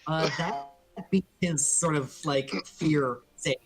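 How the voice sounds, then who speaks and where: A man narrating as dungeon master in a casual, halting way with many fillers. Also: a little high, soft background music. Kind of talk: narrating a tabletop game.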